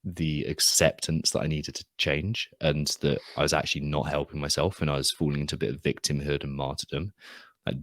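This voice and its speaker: Casting: man with an extremely low voice, podcast guest, thoughtful coach, dry close sound. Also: a bit bright, no echo. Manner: reflective, earnest, swears casually. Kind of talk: casual podcast conversation.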